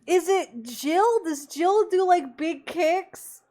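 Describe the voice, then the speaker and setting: A young woman streaming a game, giggly and animated, chatting casually with friends. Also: very high voice, takes it slowly, slight background noise. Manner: giggly, animated, reads character lines. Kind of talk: casual gaming chat.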